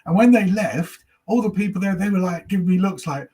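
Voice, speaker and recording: Here the comedian's husky, dark voice sits high and moves fairly quickly. Chatting casually as a guest, he tells stories peppered with profanity and plays out the lines of others, audience voices among them.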